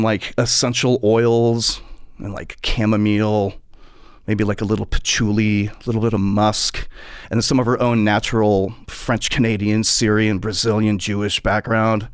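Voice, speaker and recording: A middle-aged man, a podcast host telling a comic story, animated, profane, and jumping into quoted voices. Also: medium pitch, clear, resonant tone, no echo, studio quality.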